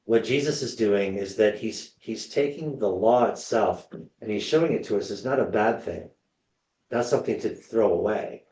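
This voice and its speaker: A man's voice: on the low side, darkish tone, roomy sound, rough recording. A man leading a Lenten Bible study in a church, conversational and storytelling, checking in with the group. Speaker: church teacher. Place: church meeting room.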